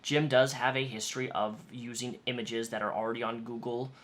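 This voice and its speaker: Mid-pitched man doing commentary. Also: little pitch movement, a little fast, fairly bright tone. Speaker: YouTube commentator. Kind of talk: commentary video narration.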